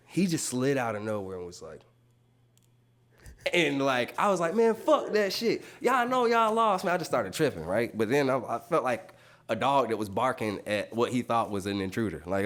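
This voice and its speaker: Animated, slangy man telling stories. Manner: animated, slangy, swears freely, acts out quotes with sudden pitch jumps. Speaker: tattoo artist guest. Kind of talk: casual podcast storytelling.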